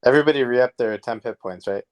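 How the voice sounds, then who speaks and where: A man's voice: mid-range voice, quick pace, clean tone, muffled recording. A man at a tabletop game explaining the rules. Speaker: player.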